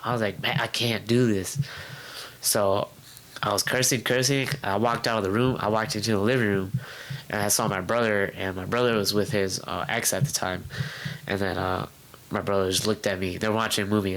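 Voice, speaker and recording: A young man telling his own story in a casual interview at home, halting and candid, with many fillers and restarts. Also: on the low side, steady tone, fairly bright tone, low-quality recording. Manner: acts out his past self in quoted outbursts. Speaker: guest. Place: home room.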